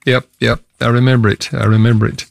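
An older man, a guest author, earnestly telling a personal story in a radio interview, reflective and halting with fillers. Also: mid-range voice, flat delivery, vocal fry, no room sound, studio quality.

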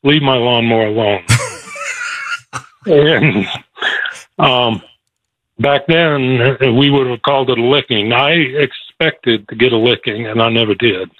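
A man's voice: mid-range voice, takes it slowly, pauses often, dry recording. A man telling a personal story as a phone-in guest, chuckling as he goes and moved at times. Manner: chuckling storyteller, gets emotional. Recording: tinny dry phone line.

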